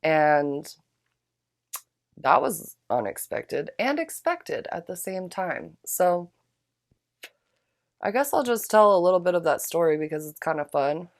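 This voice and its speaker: A young woman hosting her own podcast solo, chatting in a slangy, profane, laid-back way after leading a slow guided breathing. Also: fairly low pitch, big pitch swings. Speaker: podcast host.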